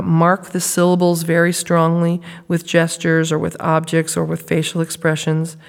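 A woman's voice: on the low side, in a large hall. Woman giving a speech-therapy lecture. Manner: clear, measured explaining, sounding out child speech examples. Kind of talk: instructional lecture.

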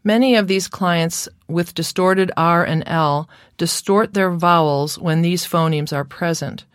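Here a woman with a fairly low pitch and clean tone speaks in a studio-quality recording with no echo. Lecturing on speech therapy through careful, scripted instruction, she takes it slow and demonstrates the sounds.

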